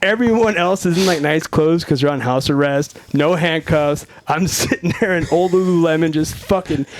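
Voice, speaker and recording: A middle-aged man from Northern California, voice sitting a little high, tells a wild story in a loose, profane podcast chat. He laughs through it and acts out the quoted lines as he goes. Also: moderate pace, a little hiss or hum. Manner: profane, laughing, animated retelling with quoted dialogue. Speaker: podcast guest, former Navy SEAL. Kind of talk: casual storytelling.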